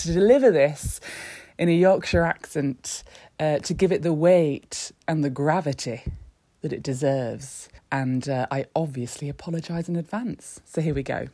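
A woman's voice: deep voice, dark tone, no echo. A woman co-hosting a podcast, playful and self-deprecating as she speaks to listeners. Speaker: podcast co-host. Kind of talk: casual podcast chat. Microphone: remote recording setup.

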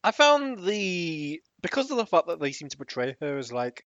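A man's voice: a little high, big pitch swings, normal speed, fairly bright tone, no echo, highs cut off. A man co-hosting a podcast, chatting loosely and laughing often. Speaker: podcast co-host. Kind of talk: casual chat.

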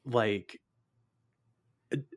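Man, podcast host, casual film chat, animated, laughs often, dry mic. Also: extremely slow, no echo. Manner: animated, laughing, acts out his own reactions.

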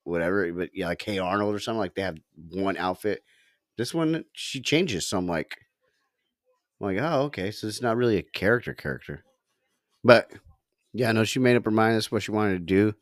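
A man with a fairly low voice, talking loosely with a friend on a podcast. He laughs often as he tells his stories and drops the odd curse. The sound is dry and close, with no room around it. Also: normal speed, no echo. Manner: laughs often while telling stories, swears casually. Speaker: podcast co-host. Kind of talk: casual chat.

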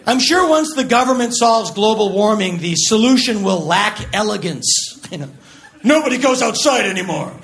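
A man performing a stand-up comedy set with a sardonic, deadpan delivery. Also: sits high, normal speed, a crowd in the background. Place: comedy club stage before a laughing audience. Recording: live recording with audience noise.

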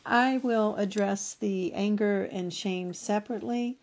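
A middle-aged woman speaking as a podcast guest, giving slow, reflective personal testimony and often correcting herself mid-sentence. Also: medium pitch, a little mellow.

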